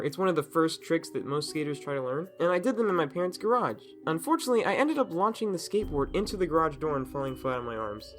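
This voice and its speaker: A young man from Tennessee narrating an animated storytime with jokes and self-deprecating asides. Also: fairly high pitch.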